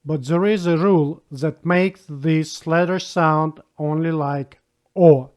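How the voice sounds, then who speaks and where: Slow, patient man teaching a language lesson. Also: on the high side, steady tone, darkish tone. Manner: patient, spells out rules and repeats example words.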